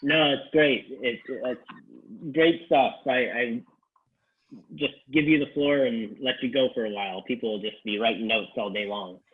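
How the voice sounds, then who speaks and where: A man's voice: mid-range voice, normal speed. A man hosting an interview, friendly and encouraging, thanking his guest. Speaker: interview host. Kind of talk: casual interview. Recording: phone-like thin audio.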